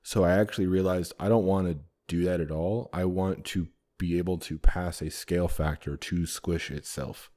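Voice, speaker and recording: Man, very deep voice, casual rambling tech talk, swears now and then. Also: steady tone, moderate pace, hardly any pauses, dark tone. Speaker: podcast co-host, developer. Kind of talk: casual technical chat.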